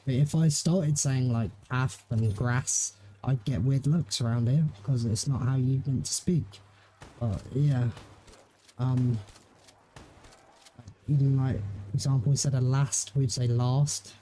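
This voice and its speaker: A man's voice: mid-range voice, steady tone, takes it slowly, dark tone, slight background noise. A man with an English accent, chatting casually and rambling during a game stream, laughing often. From England.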